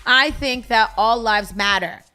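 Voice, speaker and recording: A woman from the United States, hosting a morning radio show and reading news items with animated comments. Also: on the high side, a little slow, smooth. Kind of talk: casual morning-show chat.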